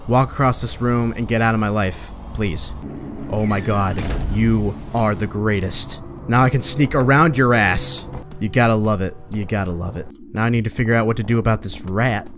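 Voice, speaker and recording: A man playing a horror game and commenting as he goes. He swears at the characters and talks back at the game, then breaks into loud, panicked yelps. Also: mid-range voice, slight background noise. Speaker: let's play gamer.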